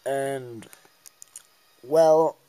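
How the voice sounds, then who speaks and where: A man's voice: medium pitch, steady tone, drawn-out words, dark tone, no room sound. A man casually narrating his turn-by-turn game battle in a goofy, rambling way, acting out his own reactions.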